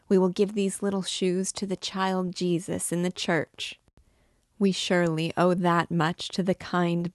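A woman voicing a half-mad older mother in a dramatic novel reading, gushing and tender with a slow, gravelly delivery. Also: lowish voice, no echo, studio quality. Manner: tender, gushing, rising to frantic.

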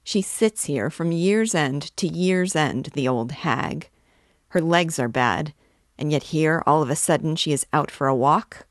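A woman's voice: low voice, expressive, a little slow, dry recording, studio quality. A woman reading aloud, voicing an impatient man visitor who grumbles and curses. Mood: irritated. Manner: grumbling, cursing.

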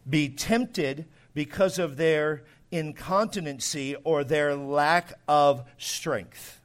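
High-voiced preaching man, drawl. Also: slow. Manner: emphatic preaching, swinging from quiet asides to loud bursts. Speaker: pastor. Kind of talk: sermon.

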